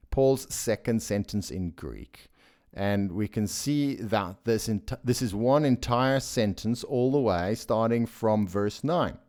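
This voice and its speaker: A man teaching scripture, explaining the grammar of a Greek passage in an unhurried, enthusiastic way with frequent fillers and restarts. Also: mid-range voice, a little mellow. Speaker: bible teacher. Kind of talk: explaining a Greek sentence diagram.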